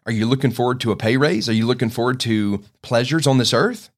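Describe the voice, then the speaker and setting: A man's voice: medium pitch, fast. Male preacher, earnest folksy sermon, emphatic bursts, mid-range voice. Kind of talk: sermon podcast with scripture reading.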